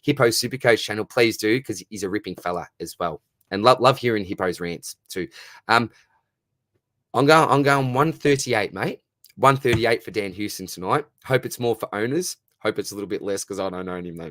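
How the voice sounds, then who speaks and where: A man's voice: lowish voice, a bit bright, no room sound. A young Australian man hosting a casual live question-and-answer stream, upbeat and matey, and losing his voice.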